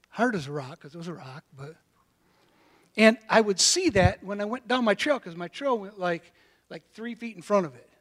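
A man preaching a sermon in a folksy storytelling way, moving from quiet asides to loud calls to the congregation. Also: sits high. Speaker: pastor.

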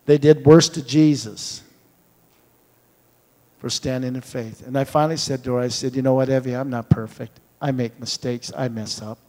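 A man's voice: mid-range voice, steady tone, normal speed, warm tone. A man preaching a sermon, telling stories with acted-out dialogue and building to fervent proclamation. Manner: storytelling, acts out dialogue, rises to fervent proclaiming. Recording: long hall reverb.

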